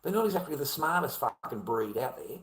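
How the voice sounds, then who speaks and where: A man's voice: medium pitch, very animated, a little fast, a bit bright, rough recording. An Australian man talking to camera in a rambling, repetitive monologue, swearing heavily. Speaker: vlogger.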